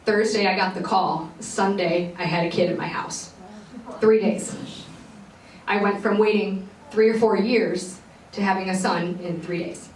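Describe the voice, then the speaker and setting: A woman's voice: medium pitch, fairly even intonation, a little slow, distant mic. Earnest woman telling a story in a roomy echo. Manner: earnest, rambling with many fillers. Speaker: podcast host. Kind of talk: personal storytelling. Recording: roomy echo, voice a bit off-mic, faint background noise.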